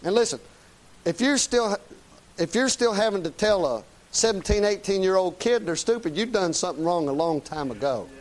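A man's voice: high-pitched, animated, normal speed. A middle-aged man, preaching a folksy, plain-spoken, emphatic sermon. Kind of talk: conversational sermon.

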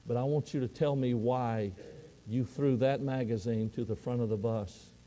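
A man's voice: mid-range voice, steady tone, normal speed, warm tone, voice pushed down, close to an everyday voice. A man voicing a stern male football coach giving urgent, commanding orders.

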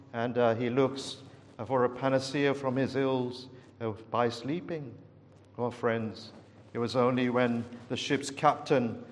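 A man preaching an earnest sermon, telling the story dramatically and addressing his listeners as friends. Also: medium pitch. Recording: long hall reverb.

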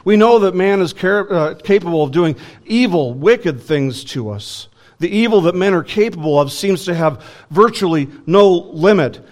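A man preaching a sermon in an earnest, emphatic way, building lists and asking rhetorical questions. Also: a little high.

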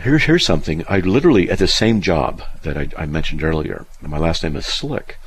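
A man's voice: low voice, fairly quick, a little hiss or hum. A man teaching faith through personal stories on a live stream, rambling a little and looking up verses aloud. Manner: rambling storyteller, restarts, looks up verses aloud.

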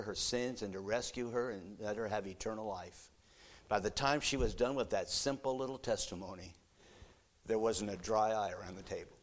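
A man preaching a sermon in a church, telling a story with animated energy, moving between quiet, low asides and loud, excited exclamations.

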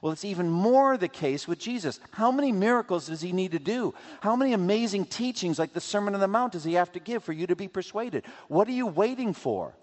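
A man preaching a sermon as pastor, asking rhetorical questions and acting out quotes in an animated way. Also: high-pitched, quick pace, hardly any pauses. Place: church sanctuary. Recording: long hall reverb.

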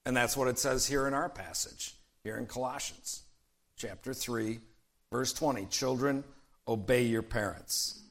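Emphatic male preacher with a bright voice. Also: medium pitch. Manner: emphatic preaching, calls out "Amen?" to the congregation; slows right down to stress key phrases. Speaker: pastor. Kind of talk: sermon.

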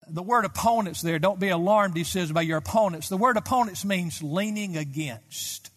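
High-voiced preacher man in a reverberant church. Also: moderate pace, few pauses. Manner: impassioned preaching, swings from soft to loud. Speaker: pastor. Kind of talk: sermon.

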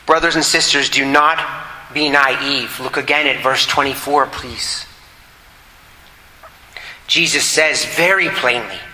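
A man's voice: fairly high pitch, sharp tone. A man preaching a sermon to a congregation, earnest and emphatic, repeating his key points. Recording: echoey hall with long reverb.

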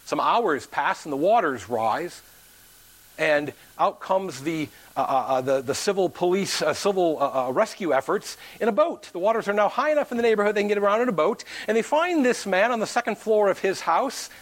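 A man preaching a sermon to his church, telling a story and acting out the people in it. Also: moderate pace. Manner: animated preaching, acts out quoted voices with big pitch swings. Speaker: pastor.

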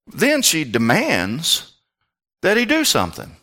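Animated preacher with a bright voice. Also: male voice, on the high side, moderate pace. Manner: dynamic preaching, swinging from loud pleading to quiet asides. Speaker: pastor. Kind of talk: sermon.

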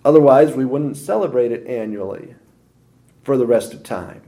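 A man preaching a sermon, explaining scripture with emphatic swings of pitch and loudness. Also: normal speed.

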